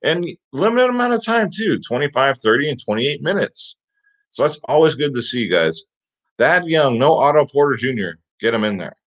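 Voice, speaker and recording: Man, host, casual picks rundown, energetic, mid pitch, slightly muffled recording. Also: normal speed. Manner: energetic, repeats "guys" and "get him in there". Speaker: fantasy sports picks host. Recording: slightly dull lo-fi audio.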